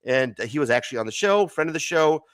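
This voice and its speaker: A man's voice: on the high side, lively intonation, quick pace, dry recording. A man from Arizona hosting a casual late-night comics show, joking and laughing often. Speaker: host.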